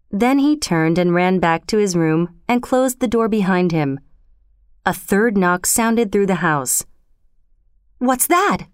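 A woman reading a story aloud in a measured, steady narration style. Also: mid-range voice, clean tone, no room sound, studio quality. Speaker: audiobook narrator. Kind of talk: scripted narration.

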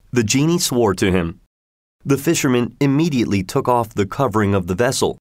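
A man narrating a folk tale aloud in a measured, even reading. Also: mid-range voice, no echo, studio quality. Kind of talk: storybook narration.

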